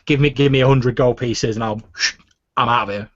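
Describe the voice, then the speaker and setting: Man doing a stammering, apologetic guard, husky and a bit raised. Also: mid-range voice, fairly even intonation, a little fast, no room sound, close to an everyday voice. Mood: candid. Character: nervous, stammering young male town guard. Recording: muffled lo-fi recording.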